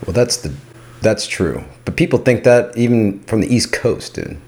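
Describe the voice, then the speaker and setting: A man hosts a casual podcast. His voice sits very low but swings widely in pitch. He keeps things moving with eager questions and a friendly "dude". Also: lively intonation, normal speed, darkish tone. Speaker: podcast host. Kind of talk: casual chat.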